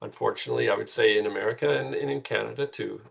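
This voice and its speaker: A man's voice: mid-range voice, rapid-fire, creaky. A middle-aged man, a guest author in a conversational podcast interview, making his points earnestly and repeating words as he builds them.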